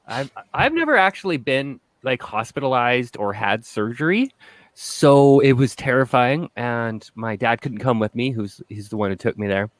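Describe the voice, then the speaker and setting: Male host, mid-pitch, swears a lot and jokes through his stories. Dry, close sound. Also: animated, moderate pace, no echo. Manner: joking, profane storyteller. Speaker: podcast host. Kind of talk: casual chat.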